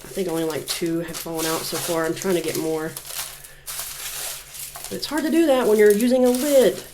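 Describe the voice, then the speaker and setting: A young woman giving a casual tarot reading, thinking aloud with frequent fillers and reading scripture passages slowly. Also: lowish voice, background noise. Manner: unhurried, thinking aloud with many fillers, reads verses slowly. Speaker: tarot reader. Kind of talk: casual spiritual reading to camera.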